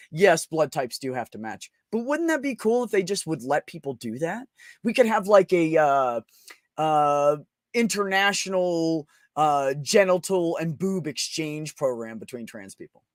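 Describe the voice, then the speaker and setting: A man's voice: high voice, no room sound, studio quality. A young man hosting a casual livestream, crude and joking, laughing often as he reads chat. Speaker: livestream host.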